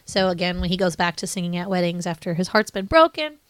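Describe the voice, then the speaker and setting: A woman's voice: lowish voice, quick pace, clear, resonant tone, dry recording. Eager young woman chatting on a podcast. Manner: eager, animated retelling with "like" fillers. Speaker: podcast co-host. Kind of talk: casual chat.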